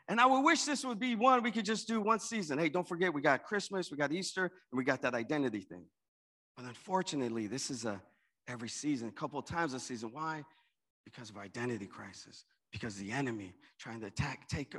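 A man preaching a sermon in church, calling out to the congregation and swinging between loud and soft. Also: very high voice. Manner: call-and-response preaching, rising and dropping volume. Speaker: pastor. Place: church with an in-person and online congregation.

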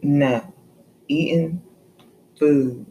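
A woman's voice: sits low, very slow, dark tone, highs cut off, slight background noise. A woman co-hosting a casual podcast, telling playful, laughing stories about her childhood and her kids. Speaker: podcast co-host. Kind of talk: casual chat.

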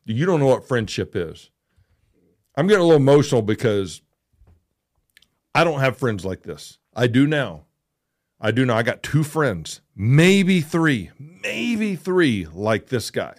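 A man's voice: medium pitch, sing-song, slow. Emphatic man co-hosting a chat. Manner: emphatic, repeats phrases for stress. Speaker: podcast co-host. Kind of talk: casual chat.

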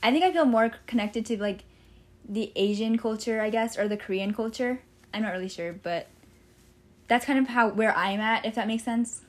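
A woman's voice: fairly high pitch, normal speed. A young woman in casual chat as co-host, rambling, giggling often and losing her train of thought.

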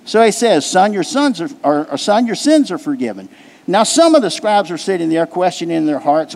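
High, lively preaching man in a reverberant church. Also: brisk, gravelly. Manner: preaching with emphatic repetition and questions to the congregation. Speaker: pastor. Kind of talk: sermon. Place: church sanctuary.

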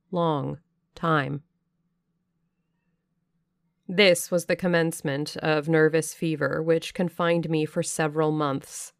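Woman audiobook narrator, low register, close dry mic, expressive dramatic reading. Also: dry recording. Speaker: audiobook reader. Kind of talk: classic novel narration.

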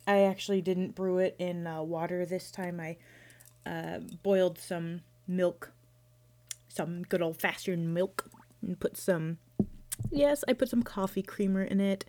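A woman in her thirties talks through her own podcast in a relaxed, chatty way. Her voice sits a little low, and she rambles playfully, restarting her sentences as she goes. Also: a little slow. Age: 30s. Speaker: podcast host. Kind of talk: casual solo podcast chat.

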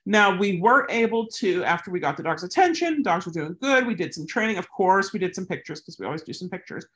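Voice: big pitch swings, brisk, fairly bright tone. A dog trainer giving casual training tips mixed with anecdotes, talking in a chatty way and acting out the people in the stories. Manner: chatty, acts out quoted people with big pitch jumps.

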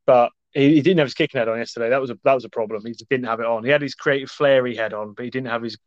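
Man, podcast co-host, rapid speech, sweary blunt banter, dry dull lo-fi sound. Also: medium pitch, no room sound. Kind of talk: casual sports chat.

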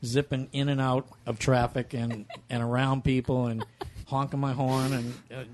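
A man's voice: medium pitch, flat delivery, normal speed, darkish tone, a little hiss or hum. A man with a mid-range voice, chatting casually as a regular on a roundtable podcast. He rambles through stories with plenty of fillers and laughs at himself. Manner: rambling, self-mocking storyteller. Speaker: regular panelist. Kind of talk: casual chat.

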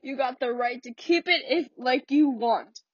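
A man's voice: very high-pitched, a little slow, dry recording, far from the mic, dull audio. Woman doing a bitter, mocking grown son.

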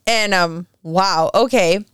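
A woman's voice: mid-range voice, slow pace, fairly bright tone, smooth, dry recording, studio quality. A woman in her forties, a podcast co-host and mother of teenagers, telling family stories in casual chat, rambling and laughing often.

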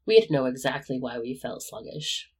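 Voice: mid-range voice, lively intonation, normal speed, slightly rough. A reader voicing a teasing, dry-humored teenage boy wizard in a fan story.

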